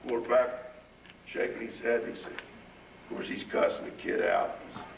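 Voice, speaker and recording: A man's voice: medium pitch, wildly swooping pitch, normal speed, gravelly, dull audio. An older male football line coach telling a folksy story, then calling out blocking drills to players on a practice field. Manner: folksy yarn-spinner, barks drill commands. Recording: roomy, distant camera audio with noise.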